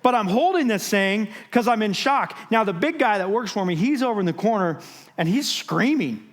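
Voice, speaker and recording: Man preacher, slightly high voice, storytelling sermon, dramatic pauses, swings loud to hushed. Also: expressive. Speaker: guest speaker. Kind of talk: sermon testimony. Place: church stage.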